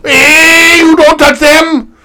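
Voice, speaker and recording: A man voicing a loud mock Montreal hockey fan in a joking put-on voice, brash and bellowing. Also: a little high, sing-song, fast talker. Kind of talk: joking put-on voice in podcast banter.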